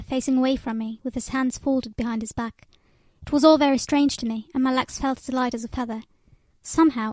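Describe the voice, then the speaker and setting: A woman's voice: high voice, darkish tone, no room sound. A woman reading a novel aloud and voicing its characters with little change. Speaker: audiobook reader.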